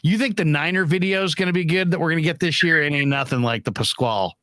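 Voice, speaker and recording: Brief: male sports-talk host, fairly high voice, dry studio sound, rambling storyteller. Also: fast talker, sharp tone, no echo. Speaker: radio show host.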